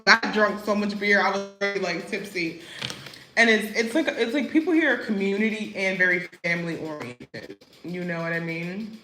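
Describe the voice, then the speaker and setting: A woman's voice: medium pitch, moderate pace, pushed and bright, roomy sound, faint music behind, rough recording. A woman vlogging in a casual, chatty way, full of "like" and "you know what I mean," talking about life as an expat. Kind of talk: casual chat. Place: living abroad as an expat.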